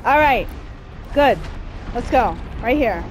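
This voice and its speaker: A woman giving excitable let's-play commentary while gaming, squealing and cheering through the fights. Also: a little high, takes it slowly, a little hiss or hum. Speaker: gamer playing a video game. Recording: game music playing behind the voice.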